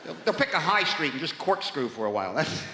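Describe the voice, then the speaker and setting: A man's voice: fairly high pitch, very animated, quick pace, heavy background noise. Sardonic ranting man on stage. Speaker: stand-up comedian. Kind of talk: stand-up routine. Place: large theatre on stage. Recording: echoey hall with loud crowd. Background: loud audience laughter.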